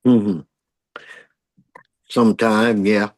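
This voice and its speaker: A man's voice: lowish voice, level tone, very slow, no room sound. An older man on a panel who politely jumps in to add a story of his own. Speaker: panel guest, dance pioneer. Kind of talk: casual panel conversation.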